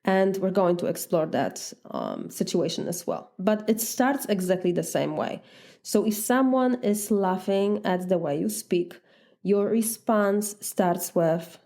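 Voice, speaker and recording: Polish-accented woman life coach, warm mellow tone, earnest and direct, mid pitch. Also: lively intonation, a little slow. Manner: earnest, direct, acts out sample dialogues. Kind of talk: coaching podcast talk.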